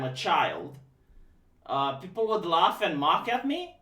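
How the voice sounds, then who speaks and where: A high, bright male voice that mocks with dry sarcasm and trips over his own words as he restarts. He sits back from the mic in a room that echoes noticeably. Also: big pitch swings, slow pace, recorded from a distance. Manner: sarcastic, mocking, stammering restarts. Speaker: live-stream host. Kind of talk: casual live-stream commentary.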